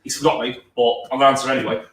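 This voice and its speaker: A man's voice: medium pitch, little pitch movement, very fast, a bit bright, far from the mic. A man with an English accent hosting a stream in a chatty, jokey way and reading out viewer comments. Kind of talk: casual hosting chat. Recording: echoey room, off-mic with faint noise.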